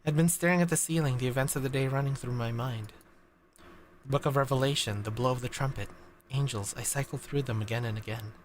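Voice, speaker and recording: A man reading aloud the inner narration of a reflective male teacher in a low, subdued voice. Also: fast talker, slight background noise, close to an everyday voice. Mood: pensive.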